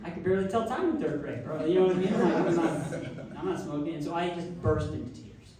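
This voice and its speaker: A young adult man, a pastor, giving a sermon through an animated, self-deprecating personal story. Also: fairly high pitch, fast, a loud crowd. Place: church sanctuary. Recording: echoey church hall from far off.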